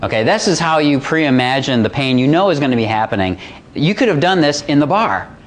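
A man's voice: fairly high pitch, sing-song, brisk. A man coaching a room through a guided visualization, blunt and casual, acting out inner voices as he goes. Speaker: dating coach. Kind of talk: guided visualization seminar talk.

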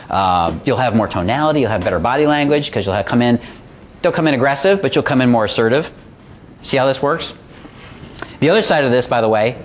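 A man's voice: mid-range voice, slight background noise. A man coaching a room through a guided visualization, blunt and casual, acting out inner voices as he goes. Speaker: dating coach. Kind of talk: guided visualization seminar talk.

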